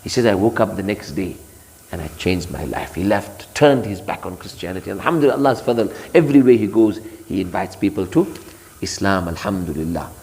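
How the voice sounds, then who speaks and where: A man's voice: lively intonation, fairly quick, a little mellow. Emphatic male preacher in a reverberant hall. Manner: emphatic, rising to high pitched rhetorical challenges, chants Arabic verses. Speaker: Islamic scholar giving Quran commentary. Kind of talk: sermon.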